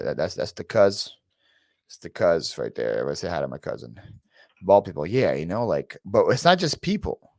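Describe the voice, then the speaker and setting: A man's voice: lowish voice, no echo. A man hosting a live question-and-answer stream from his home setup, chatting casually, greeting viewers by name and telling rambling stories with lots of fillers. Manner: rambling storyteller, reads chat names aloud, frequent fillers and restarts. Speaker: reseller YouTuber hosting a live Q&A.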